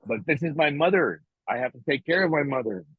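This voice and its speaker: A man's voice: on the high side, expressive, fairly quick, breathy edge, no echo. A man talking casually on a podcast, blunt and profane, often emotional and restarting his sentences. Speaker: podcast co-host. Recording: dry, tinny phone-like sound.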